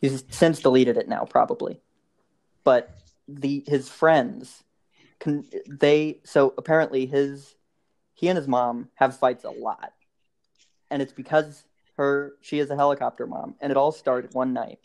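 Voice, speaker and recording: A man's voice: mid-range voice, fairly even intonation, unhurried, vocal fry, darkish tone. A young man in casual chat, telling a rambling story with many restarts and frequent laughs.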